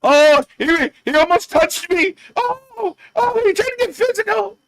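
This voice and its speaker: A man mocking a shrill whiny wrestler. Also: animated, measured pace, vocal fry, a bit bright, full character voice. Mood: mock-frightened. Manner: shrill, mock-frightened whimpering.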